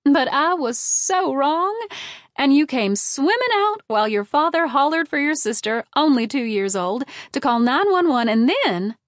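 Woman doing a high, sing-song storybook mom, theatrical, slow and drawn out, dry close sound. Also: lively intonation, dry recording. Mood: fond, dramatic. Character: doting mother retelling a family story.

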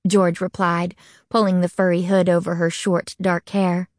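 A woman narrating an audiobook in first person, lively and expressive, shifting her voice for each character. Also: fairly low pitch, moderate pace, no echo, clean studio sound.

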